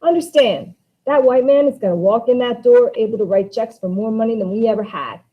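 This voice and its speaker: A woman reading Walter, a bitter young man who rails against how the world is divided. The impassioned voice sits high and runs hot with resentment. It comes through a dull, lo-fi recording. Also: brisk, close to an everyday voice. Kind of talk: dramatic play reading.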